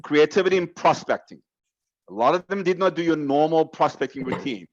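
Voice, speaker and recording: A man's voice: on the high side, lively intonation, fairly quick. Man coaching sales reps over a dull call line. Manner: emphatic, numbered points, direct address. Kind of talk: motivational talk on a team call.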